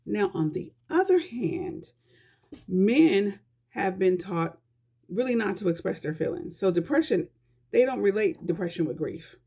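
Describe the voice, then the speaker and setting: A woman speaks straight to her viewers in a casual vlog. Her talk is earnest and conversational, and she gives life advice. Her voice has a gravelly edge of vocal fry. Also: mid-range voice, very animated, a little slow, mellow. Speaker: vlogger giving life advice.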